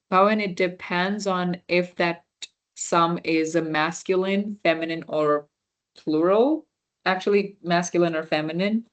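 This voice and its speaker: A woman teaches a small beginner class over a computer mic. Her voice sits low and she takes her time. She talks in a chatty, informal way, answering students' messages and fixing her own slips as she goes. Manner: chatty, self-correcting, reads out chat answers. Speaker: volunteer French workshop teacher. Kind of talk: casual online class teaching.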